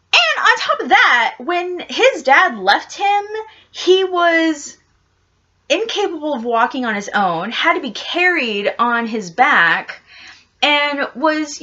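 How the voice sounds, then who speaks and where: Slow-talking, bright-voiced woman vlogger. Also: fairly high pitch, highs cut off. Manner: chatty and rambling, heavy on "like", swears casually. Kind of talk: casual chat to camera.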